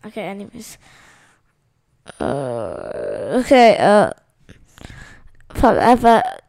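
A woman's voice: medium pitch, big pitch swings, slow, gravelly, darkish tone, dry recording. Tired, rambling woman gaming. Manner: rambling, sarcastic, self-interrupting. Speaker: gameplay streamer. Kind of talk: casual gameplay commentary, reading game dialogue aloud.

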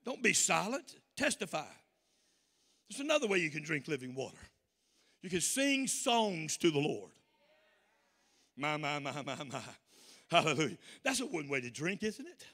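A Southern-accented man delivers a sermon in a high, ringing voice. He calls to the congregation for amens and climbs into shouted praise. The sound carries a long church-hall reverb. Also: expressive, normal speed. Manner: call-and-response preaching, rising to shouts. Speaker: preacher.

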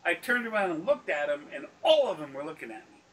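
A very animated man with a high-pitched, fairly bright voice talks quickly, telling rambling, profane anecdotes on a recorded consultation. He laughs frequently and imitates the people he quotes in a casual storytelling way. Recorded from a distant mic, with faint background noise.

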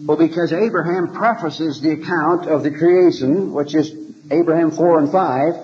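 A man giving a scripture lecture to a class, often checking in with rhetorical questions and pausing to repeat words as he thinks, on an old archival tape. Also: on the high side, a little mellow, highs cut off. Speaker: religious lecturer.

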